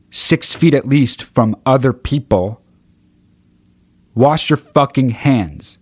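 A man on a livestream, venting hard and cursing in nearly every line, his voice jumping into loud shouts. His pitch sits in an ordinary middle range for a man. The sound is dry and close, with no room echo. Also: expressive, slow pace, long pauses, husky. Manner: heated, swears constantly, bursts of shouting. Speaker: livestreamer reading chat. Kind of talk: profane livestream rant.

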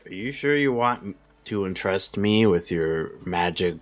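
A man at a tabletop game with a very low voice, giving short, wary answers. The sound is dry and close. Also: animated, a little slow, no echo. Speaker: player.

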